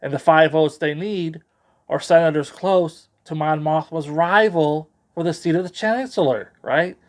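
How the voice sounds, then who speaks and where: A man's voice: on the high side, a little slow. A man giving a casual, rambling spoken book review with a sarcastic edge.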